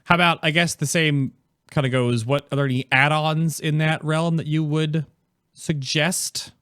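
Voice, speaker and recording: A man hosting a casual gaming podcast, reading chat aloud, laughing often and reacting in an animated way. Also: on the high side, normal speed, clear, resonant tone, no echo, studio quality. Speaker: podcast host.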